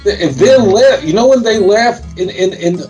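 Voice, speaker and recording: A man's voice: high-pitched, lively intonation, unhurried, a little mellow, faint music behind, rough recording. A man speaking as a guest in a talk show interview, emphatic and insistent, often repeating himself.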